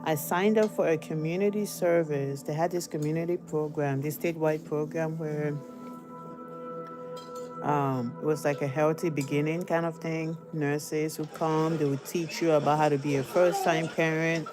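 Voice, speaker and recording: A woman's voice: sits low, steady tone, moderate pace, over music, rough recording. A woman vlogger telling a personal story in a candid, chatty way, laughing between lines.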